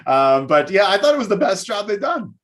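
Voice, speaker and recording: A man's voice: sits high, very animated, fairly bright tone. A man hosting a casual wrestling talk show who rambles and reads out viewer comments. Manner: rambling, many fillers, drawn-out. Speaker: podcast host reading viewer comments. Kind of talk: casual chat.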